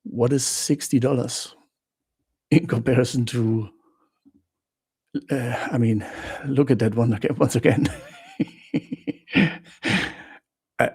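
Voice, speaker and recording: A man's voice: mid-range voice, unhurried, vocal fry, long pauses, darkish tone, breathy edge. A man hosting a travel live stream, chatting with viewers in simple non-native English, greeting them by name and laughing often. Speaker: travel channel host.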